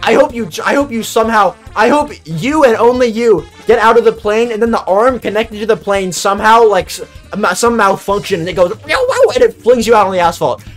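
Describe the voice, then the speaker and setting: A young man with a high voice, telling a casual story on stream. Animated and exasperated, he swears freely, with faint music playing underneath. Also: a little fast.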